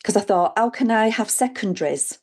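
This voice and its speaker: A woman's voice: mid-range voice, brisk. A middle-aged woman, telling her own story in a chat and acting out what people said. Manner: lively, animated retelling with acted quotes. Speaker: guest sharing her story. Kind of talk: conversational storytelling.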